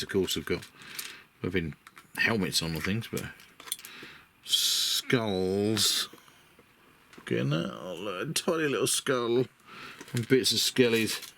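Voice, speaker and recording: A man's voice: lowish voice, bright, forceful tone. Chatty British man rummaging in his workshop. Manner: rambling, chatty and self-deprecating. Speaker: miniature model builder. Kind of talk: casual hobby vlog. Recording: noisy workshop recording with clicks.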